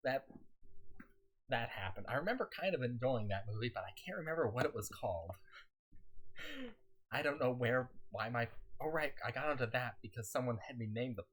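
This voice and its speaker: A man streaming a game, chatting casually to viewers in a rambling way, laughing often and talking on in a raised pitch, his throat a little scratchy. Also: expressive, a little fast, long pauses, fairly bright tone.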